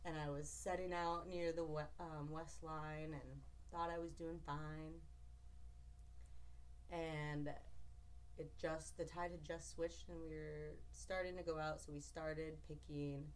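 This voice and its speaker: A woman fishing captain from Alaska, telling stories in a casual, animated way, full of laughs and quoted speech. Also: low-pitched, slow pace, a little hiss or hum. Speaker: commercial fishing captain, podcast guest. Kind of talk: casual storytelling.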